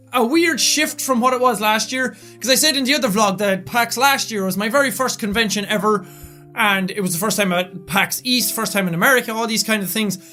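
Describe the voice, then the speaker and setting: A young man with a raspy, strained voice, excitedly recapping events in a casual vlog. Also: high voice. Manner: loud, excitable talker. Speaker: YouTuber.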